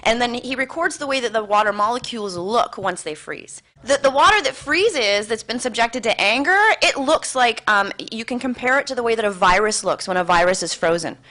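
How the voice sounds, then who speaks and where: A woman giving a motivational talk to a live audience, telling stories in an animated, conversational way. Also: on the high side, a little fast, hardly any pauses. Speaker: motivational speaker.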